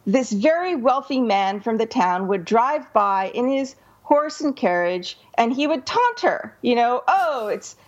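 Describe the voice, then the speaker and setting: A woman's voice: fairly high pitch, expressive, measured pace, few pauses, muffled recording. A woman co-hosting a casual talk show, telling a story in a chatty way. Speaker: podcast co-host. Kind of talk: casual chat.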